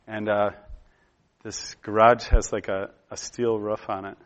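A man in his thirties preaching, telling a personal story in a relaxed conversational way with lots of pauses and fillers. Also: on the low side. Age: 30s. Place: room with a gathered audience.

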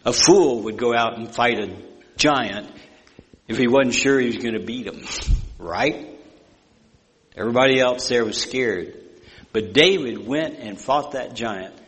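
A man's voice: mid-range voice, measured pace, long pauses, a bit bright. A man preaching a sermon in a folksy, rambling way, telling a story with many asides. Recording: long hall reverb.

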